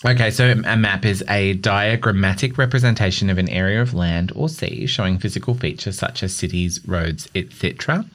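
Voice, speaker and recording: A man with a fairly low voice co-hosts a relaxed podcast conversation. He talks in a playful, chatty way and laughs easily. He sounds like someone trading stories with a friend. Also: brisk, hardly any pauses. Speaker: podcast co-host. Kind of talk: casual chat.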